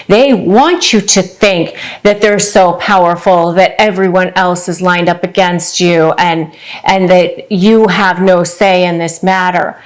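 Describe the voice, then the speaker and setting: Earnest woman giving advice to camera. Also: mid-range voice. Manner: earnest, quick, acts out quoted lines. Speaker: divorce lawyer and coach. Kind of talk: direct-to-camera advice talk.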